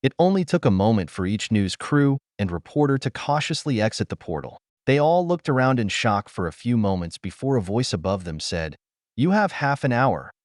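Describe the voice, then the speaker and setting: Low-voiced man narrating an audiobook. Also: a little mellow, no echo, studio quality.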